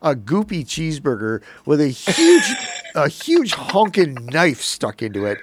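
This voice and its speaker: A man's voice: on the high side, wildly swooping pitch, a little slow, husky. A man hosting a community radio show, chatting in a rambling, jokey way with many restarts. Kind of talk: casual chat on community radio.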